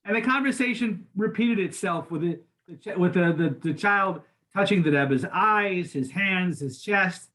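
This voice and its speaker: A man's voice: high-pitched, a little slow, hardly any pauses, fairly bright tone. Older man teaching an informal class. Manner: informal, frequent restarts and repeated words. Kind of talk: conversational lecture.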